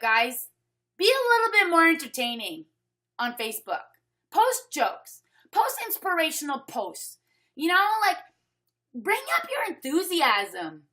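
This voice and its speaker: Bubbly high-voiced Canadian woman. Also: sharp tone. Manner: chatty, upbeat, reads chat names aloud. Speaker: direct sales trainer. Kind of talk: casual online training talk. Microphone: webcam.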